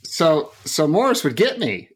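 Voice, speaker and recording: A young man co-hosting a casual podcast, telling stories in a lively, jokey way. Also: on the high side, a little slow, breathy edge. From rural area. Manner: animated, jokey, lively storytelling. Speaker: podcast co-host.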